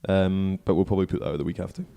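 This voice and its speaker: A man's voice: low voice, steady tone, rapid-fire, vocal fry, warm tone. Teasing man telling stories. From British. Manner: teasing storyteller, laughs often. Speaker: podcast co-host. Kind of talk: casual chat.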